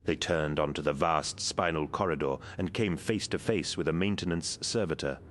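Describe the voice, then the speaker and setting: A man narrating an audiobook in a steady, measured way. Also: rumbling low, a little hiss or hum.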